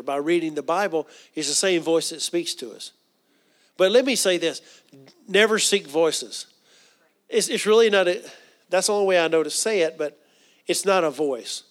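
Middle-aged pastor guy preaching, voice a bit on the high side, keeps asking the crowd stuff. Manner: repeats words, asks the congregation questions. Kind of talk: sermon.

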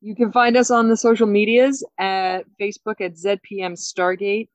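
A woman co-hosting a podcast, recapping a TV episode in casual chat, animated and laughing often. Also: mid-range voice, normal speed, no echo. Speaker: podcast co-host. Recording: dull, dry sound.

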